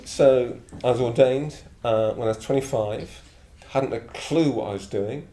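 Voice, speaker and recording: A Buddhist order member in his seventies from Middlesbrough, northern England, speaks at a measured pace in a dark, medium-pitched voice. His reflective anecdotes are blunt, digressive and broken up with chuckles, and the echoey room recording has faint ambience plus a little hiss or hum.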